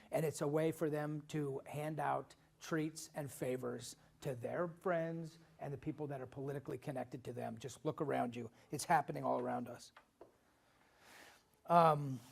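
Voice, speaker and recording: A middle-aged man from Illinois addresses a town hall meeting in a slightly high, gravelly voice. He speaks with heat and emphasis, circling back to his points and restarting phrases as he goes. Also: a little mellow. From Illinois, USA. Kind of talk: impassioned town hall speech.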